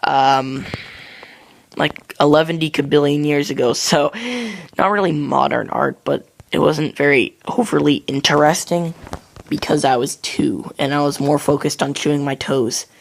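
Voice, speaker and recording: Young guy rambling a story while gaming, gravelly fry, keeps correcting himself. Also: on the high side, steady tone, measured pace, slight background noise. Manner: rambling, jokey, self-correcting. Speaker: gaming channel host. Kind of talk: casual storytelling during a game.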